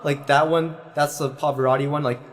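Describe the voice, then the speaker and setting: A man's voice: a little high, fairly even intonation, fairly quick. A man giving a singing lesson, explaining at length and breaking into short sung demonstration syllables. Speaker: voice teacher.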